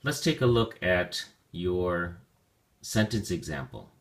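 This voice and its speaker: A man teaching a vocabulary lesson, speaking slowly and deliberately and stretching out key words for learners. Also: sits low, sing-song.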